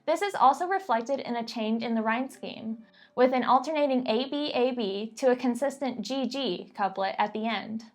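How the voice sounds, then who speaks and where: A woman's voice: a little high, moderate pace. A woman co-hosting a poetry lesson, explaining in a playful, scripted manner. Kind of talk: scripted educational banter.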